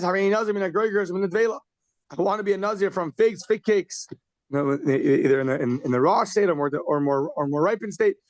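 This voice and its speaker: A man teaching a daily Talmud class, quoting Aramaic phrases and explaining them in casual English, with animated questions and short laughs. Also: high-pitched, no room sound. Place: class held in person and over a video call.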